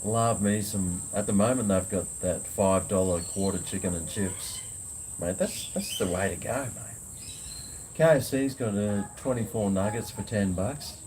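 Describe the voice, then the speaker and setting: A man's voice: on the low side, unhurried, a little mellow, a little hiss or hum. An Australian man, a food vlogger, chatting casually and rambling in a laid-back way on a home veranda. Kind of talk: casual live chat.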